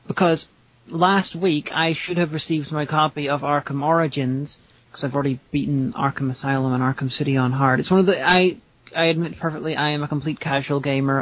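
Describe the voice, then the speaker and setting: A man's voice: mid-range voice, fairly bright tone, a little hiss or hum. A man chatting casually on a podcast, blunt and candid, swearing offhandedly. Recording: muffled lo-fi podcast audio.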